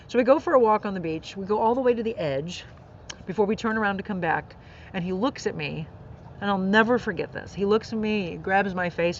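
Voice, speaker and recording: A woman's voice: medium pitch, muffled recording, a little hiss or hum. A middle-aged woman hosting a podcast, telling a heartfelt personal story in an earnest, emotional way and laughing through tears. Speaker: podcast host.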